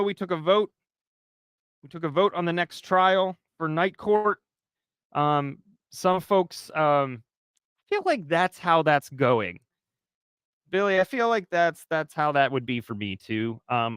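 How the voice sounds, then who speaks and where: A man's voice: medium pitch, clear, resonant tone, no room sound, clean studio sound. A man hosting a livestream, chatting casually with viewers, laughing often and reading a story aloud. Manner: chatty, lively, laughs between remarks. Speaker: livestream host.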